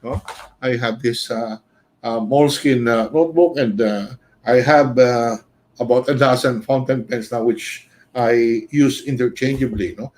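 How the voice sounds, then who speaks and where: A man teaching writing in an unscripted livestream lecture, pausing on many "uh" fillers and often ending points with a questioning "no?". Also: mid-range voice, darkish tone. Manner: hesitant, many "uh" fillers, frequent tag "no?".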